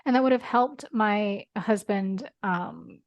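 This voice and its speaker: A woman guest on a podcast, talking earnestly in casual chat, with quick bursts and lots of "like". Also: mid-range voice, highs cut off.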